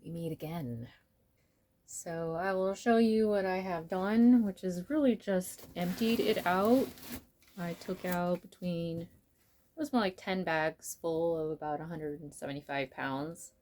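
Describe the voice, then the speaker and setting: A woman's voice: lowish voice, unhurried, dark tone, a little hiss or hum. Chatty woman vlogging from her camper. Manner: chatty, self-talking, nervous and candid. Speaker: van-life vlogger. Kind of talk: casual vlog chat. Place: inside a camper and on the road.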